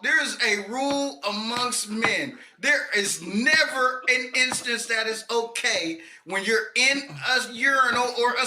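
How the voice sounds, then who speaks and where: A man co-hosting a casual podcast chat, loud and exclaiming, laughing and swearing as he rants. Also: very high-pitched. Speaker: podcast co-host. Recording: echoey room with steady noise.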